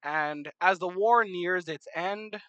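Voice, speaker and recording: A young adult talks through a map timelapse in casual commentary, rambling and correcting themselves as they go. The pitch sits in an ordinary middle range. The recording is dry and close, with no room sound. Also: slow pace, a bit bright, smooth, dry recording, poor audio. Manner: rambling, many fillers and self-corrections, joking asides. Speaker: narrator of a map timelapse series.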